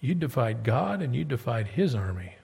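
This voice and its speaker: Husky-voiced male preacher telling a Bible story. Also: mid-range voice, sing-song, moderate pace, long reverb tail. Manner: conversational storytelling, rises to loud emphatic peaks when reading scripture. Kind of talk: sermon.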